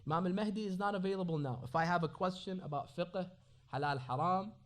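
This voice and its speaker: High-pitched guy preaching, dramatic, goes loud then drops way low. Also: fast talker. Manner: dramatic, shifting from loud pleading to low earnest tones, quotes Arabic scripture. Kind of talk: sermon.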